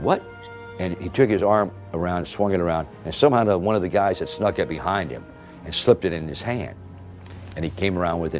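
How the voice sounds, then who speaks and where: An older man telling stories about an old friend and acting out the quoted dialogue in lively voices. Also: deep voice. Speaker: interviewee recalling a friend. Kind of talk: anecdotal storytelling.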